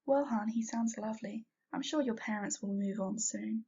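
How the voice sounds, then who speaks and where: A woman voicing a kind, motherly aunt in a storybook reading, speaking in a gentle, reassuring way. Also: fairly high pitch, normal speed, vocal fry, slightly rough, muffled recording.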